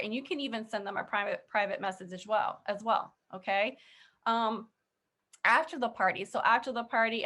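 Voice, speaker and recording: A chatty woman coaching her sales team, with a voice pitched a little high. She talks in a relaxed, friendly way and keeps checking in with "okay?" and "right?". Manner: laughs easily. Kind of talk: casual training talk.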